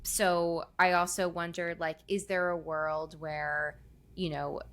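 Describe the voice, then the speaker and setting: A woman co-hosting a podcast in casual chat, thoughtful and soft-spoken. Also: fairly low pitch, level tone, slow. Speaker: podcast co-host.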